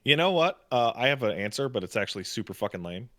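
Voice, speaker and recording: A man's voice: mid-range voice, quick pace, no room sound, studio quality. A man in his thirties, a podcast co-host, telling stories in casual chat with lots of "like". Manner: animated storyteller, lots of "like".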